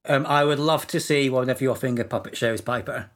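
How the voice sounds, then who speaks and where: Deadpan man telling odd facts. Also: mid-range voice, fairly quick. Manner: dry, deadpan delivery. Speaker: podcast co-host presenting facts. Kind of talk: casual comedic podcast chat.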